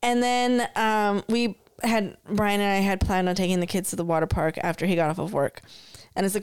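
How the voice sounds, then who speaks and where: A woman in her thirties co-hosting a podcast, chatting candidly and swearing freely as she tells animated stories. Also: mid-range voice, moderate pace, clean tone, no echo. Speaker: podcast co-host. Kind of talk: casual chat.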